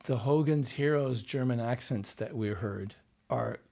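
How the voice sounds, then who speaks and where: A man's voice: medium pitch, unhurried, gravelly, warm tone. Man patiently explaining accents as a coach. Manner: patient, explanatory, demonstrates sounds aloud. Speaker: dialect coach. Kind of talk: interview guest explaining accents.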